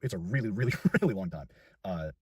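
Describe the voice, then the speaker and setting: A man's voice: sits low, lively intonation, fast, darkish tone, slightly rough, dry recording, distant mic. A nineteen-year-old man chatting casually to camera in a rambling, self-deprecating way. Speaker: YouTuber. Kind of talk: casual vlog chat.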